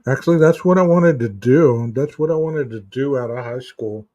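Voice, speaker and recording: A man with a dark, medium-pitched voice talks at normal speed while hosting a casual therapist live stream. His storytelling and replies to chat ramble, with lots of restarts and "you know" fillers. The recording is dry and made from a distance, leaving it dull and muffled.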